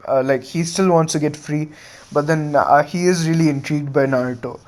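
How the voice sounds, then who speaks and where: A young man improvising a fan story, halting and full of filler words and restarts. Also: fairly high pitch, a little mellow. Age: young adult.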